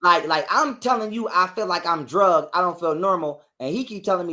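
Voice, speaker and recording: A man's voice: sits high, fairly quick. A man, an interview guest, telling a long story in a casual, profane way and acting out both sides of an argument. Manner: animated, profane, acts out both sides of a quarrel.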